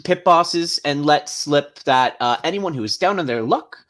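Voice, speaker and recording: A man voicing a scheming male vampire casino owner, smooth and obliging. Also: a little high, expressive, normal speed, fairly bright tone.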